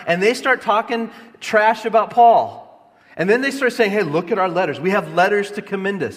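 Man, pastor, sermon, passionate, emphatic, slightly high voice. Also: big pitch swings, normal speed. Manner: passionate, swings between loud emphatic lines and quiet low ones. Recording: long hall reverb.

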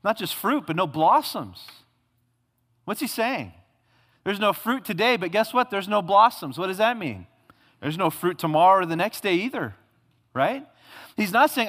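A male pastor preaching a sermon, emphatic, swinging from loud declarations to hushed tones. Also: sits high, lively intonation, moderate pace. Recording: long hall reverb.

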